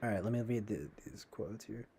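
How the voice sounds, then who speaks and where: This man's voice sits on the low side, with lively intonation and a slightly fast pace over a noisy background. He's streaming live, rambling casually with sarcastic asides, laughing often and letting his sentences trail off.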